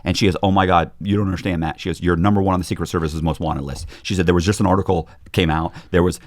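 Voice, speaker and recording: A man's voice: deep voice, very fast, few pauses. A man, a podcast guest, telling a story in casual conversation, acting out quoted voices, with frequent restarts.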